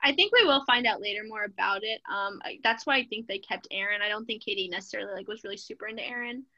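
A woman co-hosting a podcast, recapping a TV show in an opinionated, animated casual chat. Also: medium pitch, quick pace, highs cut off. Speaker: podcast co-host.

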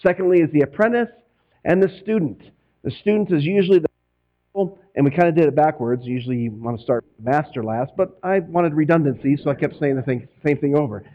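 A pastor from Northwest Indiana preaches a sermon conversationally, now and then slipping into quoted voices. His voice is a little high and his pace brisk, and the audio sounds dull.

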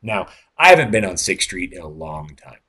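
A man in his late thirties, a podcast host, telling a rambling, excitable story with lots of fillers, restarts and swearing. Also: deep voice, normal speed, slightly rough. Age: late 30s. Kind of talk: casual storytelling monologue.

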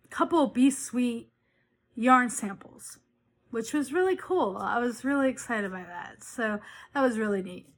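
A woman's voice: on the high side, expressive, a little slow. A woman hosting a knitting podcast, chatting casually and rambling with frequent restarts and self-corrections. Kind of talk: casual chat.

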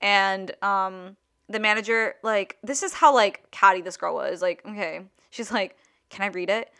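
A woman in her twenties hosting a podcast, telling a story in a casual, animated way with lots of "like". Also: medium pitch, measured pace, vocal fry. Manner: chatty, heavy use of "like", animated retelling. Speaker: podcast host.

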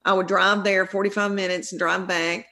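A woman's voice: mid-range voice, little pitch movement, moderate pace, pushed and bright. A middle-aged woman with a thick Southern accent tells stories in a casual interview. She rambles in a folksy way and often cuts herself off to start again. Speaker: comedian guest.

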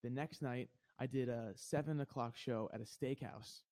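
A young comedian from New Jersey talks casually about his early gigs, restarting his sentences and repeating words. His voice sits at a middle pitch. The recording is close and dry. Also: steady tone, a little mellow, dry recording. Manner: halting, repeats words when starting a thought. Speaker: guest comedian. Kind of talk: casual chat.

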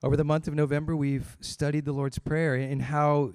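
High-voiced male pastor preaching. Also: level tone, normal speed, smooth. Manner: storytelling, acts out quoted voices with rising pitch; drops to quiet, low emphasis on key points. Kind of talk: sermon.

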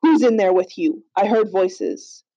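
A woman's voice: medium pitch, measured pace, dark tone, no echo. A woman voicing a cruel, angry male soldier leader who barks his orders harshly, on a slightly dull, lo-fi recording. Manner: barking, harsh, commanding.

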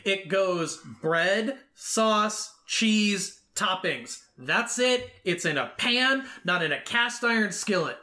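A man co-hosts a casual podcast with a high, sharp, bright voice. He trades blunt, playful banter and swears easily. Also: lively intonation, slow, few pauses. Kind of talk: casual chat.

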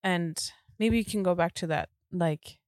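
Chatty, excited woman, low voice. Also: unhurried, dry recording, clean studio sound. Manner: excited, chatty, laughs a lot. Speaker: podcast co-host. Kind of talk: casual chat. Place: bed in a caravan.

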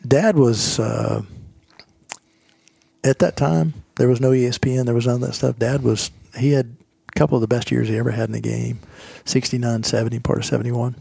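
A gravelly man in his fifties talks as a podcast guest, earnest and a little rambling, circling back over his own words. His voice is rough and breathy, and it sits close and dry with no room sound. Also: mid-range voice, steady tone, brisk, mellow, no room sound. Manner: earnest, rambling, repeats himself. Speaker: podcast guest, golf professional. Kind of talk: casual interview storytelling.

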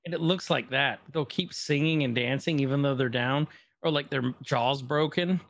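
A man's voice: medium pitch, normal speed, creaky, no room sound. Casual man retelling scenes animatedly. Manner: animated storytelling, acting out scenes in quoted voices. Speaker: co-host reacting to a series. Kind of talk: casual chat.

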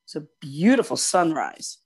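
An older woman co-hosting a podcast, telling long personal stories in casual chat, animated and quick to gush. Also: low-pitched, breathy edge. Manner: animated storyteller, gushing over cute animals. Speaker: podcast co-host.

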